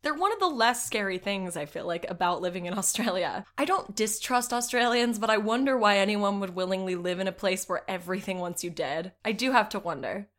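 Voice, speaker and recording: A woman's voice: mid-range voice, expressive, a little fast, hardly any pauses, fairly bright tone. A woman co-hosting a comedy podcast, chatting casually in a giggly, rambling, jokey way. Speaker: podcast co-host.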